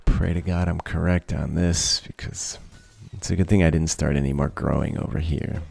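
A man's voice: extremely low pitch, steady tone, normal speed, gravelly, a little mellow, slightly rough. A man giving casual let's-play commentary, thinking aloud, swearing freely and laughing often. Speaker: gaming video creator.

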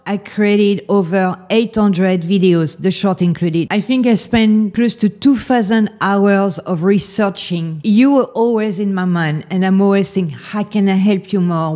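A woman's voice: medium pitch, mellow. A middle-aged woman with a French accent, speaking frankly and emotionally to camera as a fashion YouTuber. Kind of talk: candid vlog to camera.

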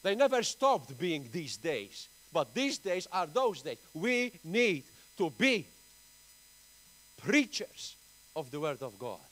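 A Maltese pastor delivers a sermon at a slow, deliberate pace. His voice sits fairly high for a man, and his emphatic preaching rises loud and falls soft again and again. It is recorded in a church. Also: very animated, poor audio. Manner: emphatic preaching with big swings in pitch and loudness.

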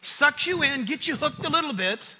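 A man preaching a sermon at a conference in an American accent, animated and acting out the voices he quotes. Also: very high voice, moderate pace. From United States. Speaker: pastor. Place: conference hall.

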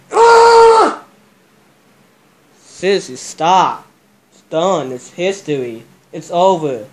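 A young man vlogging, agitated and cursing after a scare, repeating himself a lot. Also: a little high. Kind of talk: casual vlog chat.

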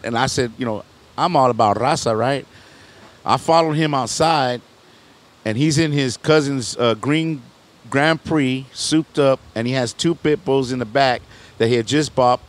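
A middle-aged man spins a long story as a guest on a podcast, speaking at an average pitch in easy, loose slang. He rambles and backs up to restart his sentences, and he keeps tossing in "you know what I'm saying". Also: normal speed. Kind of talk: casual storytelling interview.

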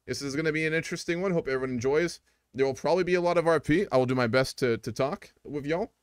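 A man's voice: on the high side, fast, clean tone, dry recording, clean studio sound. Chatty young man streaming a strategy game. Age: young adult. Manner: chatty, greets viewers, rambles with fillers. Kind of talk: casual live-stream commentary.

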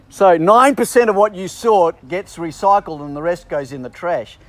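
A man's voice: sits high, expressive, measured pace, no echo. A man preaching a sermon in a chatty, self-deprecating way with joking asides. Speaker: bishop preaching.

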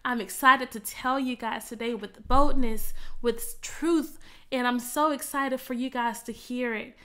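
A woman's voice: a little high, fairly even intonation, unhurried, fairly bright tone, smooth. A woman minister leading a virtual church service, praying fervently with murmured interjections and then talking casually to online viewers. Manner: chatty, coaxing viewers to type in the chat. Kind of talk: prayer and sermon on a virtual service.

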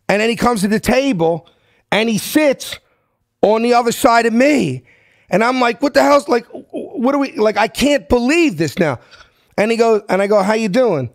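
A man's voice: sits high, dry recording, studio quality. A man in his fifties from South Philadelphia with a Philadelphia accent, telling a story in an interview and acting out every voice. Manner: animated, acts out the voices in his anecdotes. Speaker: guest.

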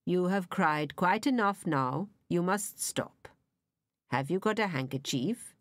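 Calm, gentle older nun, read by a woman. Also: on the low side, creaky, no room sound, exaggerated voice. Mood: calm reassuring. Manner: calm, measured and slow. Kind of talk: audiobook reading.

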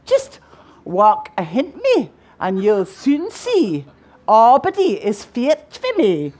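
A woman puts on a tiny storybook mouse with a Scots accent, bluffing his way with bold, boastful bluster. His voice jumps up and down in pitch. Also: huge pitch swings, takes it slowly, a little mellow, heavily acted. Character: small plucky mouse bluffing bravely. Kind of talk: picture-book read-aloud.

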